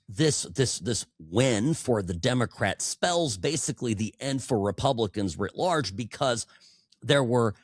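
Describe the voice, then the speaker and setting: Animated sarcastic male podcast host. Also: mid-range voice, no room sound, clean studio sound. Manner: animated, sarcastic, stumbles and repeats words. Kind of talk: political talk show monologue. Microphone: studio microphone.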